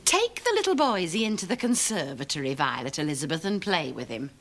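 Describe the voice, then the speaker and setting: An actress playing a fussy, genteel middle-aged hostess, gushing in an affected way. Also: female voice, deep voice, sing-song, a little fast, a bit bright, full character voice. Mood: fussing.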